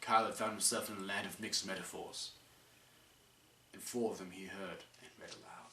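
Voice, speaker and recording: A man's voice: deep voice, fairly even intonation, normal speed, bright, forceful tone. A man narrating an amateur story with earnest, dramatic delivery. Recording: echoey room, mic far off, faint hiss.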